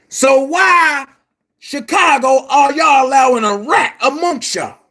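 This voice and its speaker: Slow, heated high-voiced man. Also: bright, forceful tone. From Baltimore. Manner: confrontational, repetitive, calls listeners brother. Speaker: online commentator. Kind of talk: heated monologue to camera.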